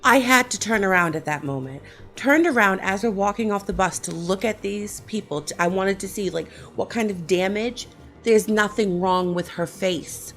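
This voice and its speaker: A woman's voice: mid-range voice, moderate pace, a bit bright, soft background music. A middle-aged woman ranting casually on her horror vlog, sarcastic and profane as she tells stories. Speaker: horror vlogger. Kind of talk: casual rant.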